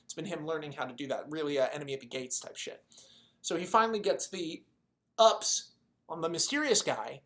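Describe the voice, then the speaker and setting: A casual storyteller rambling through a made-up movie plot, full of swearing and little acted-out snippets of dialogue. The voice sits at an ordinary middle pitch. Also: fairly quick, fairly bright tone. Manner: rambling, profane, acts out the characters' lines. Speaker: video creator pitching a movie idea.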